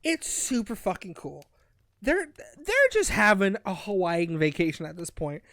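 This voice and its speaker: A man's voice: sits high, sing-song, measured pace, a bit bright, dry recording, clean studio sound. A man co-hosting a casual review chat, crude and sarcastic, often restarting his sentences. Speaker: podcast co-host.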